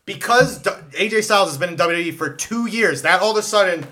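A man's voice: high-pitched, fast, pushed and bright. A man co-hosting a podcast, arguing in a heated casual debate and insisting on being heard. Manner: insistent, interrupts with repeated "hold on". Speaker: podcast co-host.

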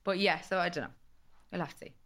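A woman's voice: fairly low pitch, quick pace, creaky. A young Irish woman, a podcast guest, telling stories in casual chat and acting out what people said. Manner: animated storyteller acting out quotes.

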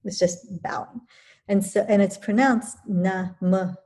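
A woman who teaches yoga, talking thoughtfully in a relaxed conversation, pausing and restarting as she works through her points. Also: mid-range voice. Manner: thoughtful, many restarts and fillers. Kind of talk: reflective conversational talk.

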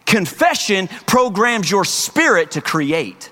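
A man preaching a sermon as pastor, lively and energetic, breaking into shouts and playful voices. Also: high-pitched, slow pace.

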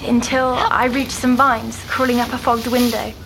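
An actress playing a haunted young woman patient in an audio drama, recounting a nightmare in a hushed, halting, often whispered voice. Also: on the high side, flat delivery, creaky. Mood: urgent recall. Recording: noisy background hum.

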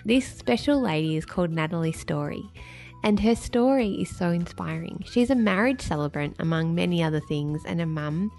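A woman's voice: lowish voice, animated, moderate pace, gravelly, darkish tone, soft background music. A woman hosting a podcast, chatty and self-mocking, with a slight lisp after dental surgery. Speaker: podcast host. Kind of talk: casual podcast intro and chat.

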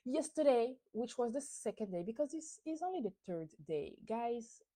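With a slightly high, dark-toned, sing-song voice at a moderate pace, a podcast host gossips about a reality show, sharing strong opinions in chatty talk laced with fillers.

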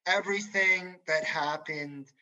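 Shrill officer voice, scolding, sharp bright tone, put on by a man. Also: slow, dull audio, full character voice. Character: irate male military officer, berating.

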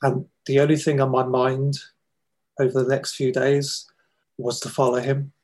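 A man telling a personal story in an interview, earnest and halting, with emotional pauses. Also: medium pitch, completely flat delivery, a little mellow, rough recording. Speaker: guest, foundation founder.

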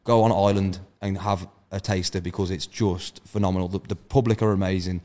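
A man with a low voice tells stories at a rapid clip. He is brash and swears freely in casual podcast chat. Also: steady tone, dark tone. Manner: brash storytelling, heavy swearing. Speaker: podcast guest, event organiser.

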